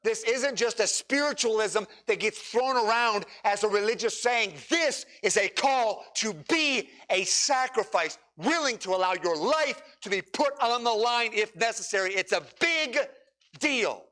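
A man preaching a sermon, leading his congregation through scripture with dramatic pauses and emphatic repetition. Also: high-pitched, animated. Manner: preaching with dramatic pauses, rising to near shouts. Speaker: pastor.

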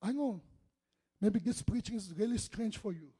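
A male preacher delivering an impassioned sermon, swinging between loud shouting and hushed, quiet speech. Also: high-pitched, normal speed, breathy edge.

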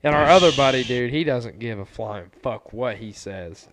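A man's voice: medium pitch, expressive, moderate pace, fairly bright tone, no room sound. A young man co-hosting a casual chat, swearing freely and telling stories with animation. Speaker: podcast co-host.

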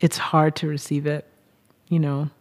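Low-voiced reflective woman guest. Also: little pitch movement, unhurried. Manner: thoughtful, laughs softly between thoughts. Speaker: podcast guest, writer and artist. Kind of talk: reflective conversation.

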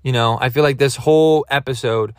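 A man's voice: medium pitch, brisk, a little mellow, smooth, no room sound, studio quality. A man hosting a podcast, telling a comic story in a rambling, digressive, self-mocking way. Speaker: podcast host. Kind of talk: comedic storytelling monologue.

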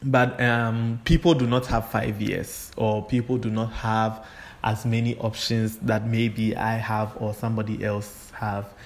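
A man hosting a solo podcast, talking in an unhurried, reflective way with frequent fillers. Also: fairly low pitch, little pitch movement. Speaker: podcast host.

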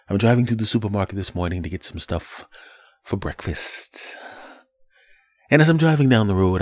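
A man's voice: sits low, a little mellow. A man hosting his own podcast, rambling in a crude, joking way and telling a story casually. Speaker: podcast host. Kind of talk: casual solo podcast monologue.

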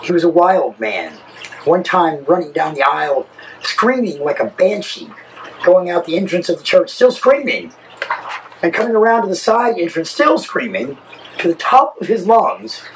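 A man delivers a sermon with lively, swinging intonation. His voice sits a touch high, and he leans into his stories with emphatic drama. A faint hiss runs underneath. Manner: animated storytelling preacher, emphatic. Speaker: pastor.

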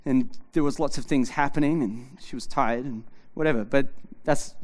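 A man's voice: mid-range voice, normal speed. A man preaching a humorous sermon in a church, telling stories animatedly and acting out both sides of conversations. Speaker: pastor.

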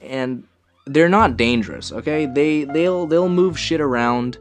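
A man's voice: a little high, expressive, measured pace, faint music behind. A young man hosting a casual podcast, rambling and swearing as he tells stories with bursts of laughter. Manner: rambling, profane, laughing storyteller. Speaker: podcast host.

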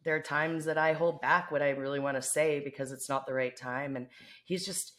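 A woman's voice: low-pitched, fairly even intonation, a little fast, a bit bright. A woman with a Canadian accent co-hosting a podcast in casual, teasing chat. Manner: teasing, chatty, many fillers. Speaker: co-host.

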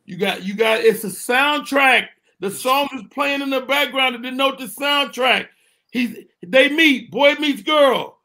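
Male co-host, high and bright, comic storyteller. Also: measured pace. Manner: animated, acting out scenes and shouting quotes. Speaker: podcast co-host. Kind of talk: comedic debate banter.

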